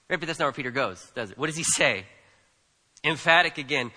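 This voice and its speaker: A man's voice: on the high side, lively intonation, fast talker, bright, forceful tone. A man preaching a sermon in a conversational, emphatic way, repeating words and asking the crowd "right?". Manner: conversational, emphatic, with frequent repetitions and tag questions. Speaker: pastor. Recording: long hall reverb.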